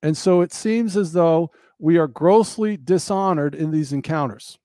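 A man with a high voice delivers an earnest monologue in a preacherly cadence. He repeats his key phrases for emphasis. The sound is dry and close. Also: measured pace, warm tone, no echo. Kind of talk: impassioned monologue.

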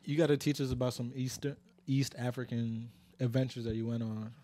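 A man's voice: medium pitch, fairly even intonation, fairly quick, warm tone. A young man co-hosting a podcast, asking teasing questions in casual chat. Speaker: podcast co-host. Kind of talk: casual chat among friends.

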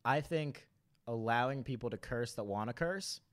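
A man talking as a guest on a podcast, laying out his opinions in a measured way. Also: medium pitch. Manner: measured, gives opinions in full sentences. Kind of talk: casual podcast chat.

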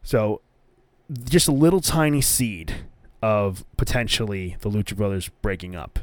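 A young man hosting a wrestling podcast alone, chatting casually and getting excited, often repeating words. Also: lowish voice, measured pace, no echo. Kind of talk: casual solo commentary.

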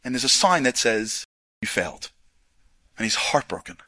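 A man telling a story to an audience, animated, acting out dialogue with casual asides. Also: mid-range voice, normal speed, no echo. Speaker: speaker. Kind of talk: storytelling talk.

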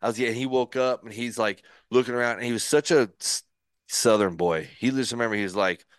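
A man in his forties, a former pro pitcher, telling stories as a podcast guest and laughing along. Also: a little fast, no echo, clean studio sound. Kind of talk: casual storytelling.

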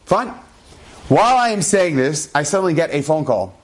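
Animated storytelling rabbi, higher-pitched man. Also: normal speed. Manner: animated, emphatic, voice jumps up on key words. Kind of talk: storytelling talk to a congregation.

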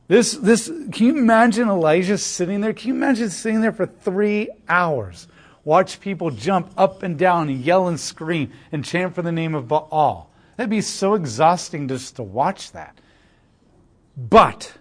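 Animated man preaching a sermon. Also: fairly high pitch, moderate pace. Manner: animated, sarcastic storytelling with rhetorical questions. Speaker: pastor. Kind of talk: expository sermon.

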